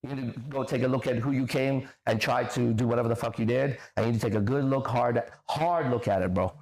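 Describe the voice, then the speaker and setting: A man's voice: mid-range voice, fast, darkish tone. A man hosting a livestream, answering chat comments in a confrontational, profane, lecturing way. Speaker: host.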